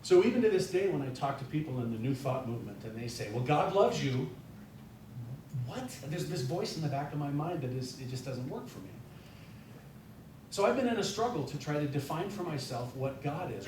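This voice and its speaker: A man's voice: lively intonation, quick pace, a little mellow. A man from North Dakota giving a chatty, self-deprecating guest sermon, full of fillers and restarts. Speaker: guest speaker. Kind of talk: informal sermon talk. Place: church sanctuary. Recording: echoey church hall, distant mic, faint rumble.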